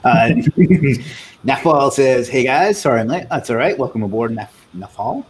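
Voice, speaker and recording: A man's voice: medium pitch, lively intonation, unhurried, slight background noise. A man hosting a casual live Q&A, reading viewer comments aloud in a loose, chatty way. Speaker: livestream host.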